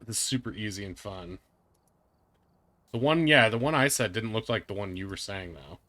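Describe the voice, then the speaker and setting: A man's voice: on the low side, lively intonation, normal speed, pushed and bright, no echo. A man hosting a live game stream, chatting and joking with friends and viewers. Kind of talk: casual live-stream chat.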